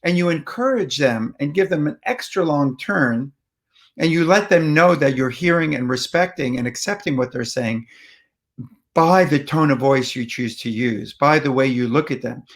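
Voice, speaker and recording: A man with a somewhat high voice gives a calm explanatory talk. He speaks plainly and patiently, often pausing on ums and restarting his phrases as he works through each point. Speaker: parenting communication speaker.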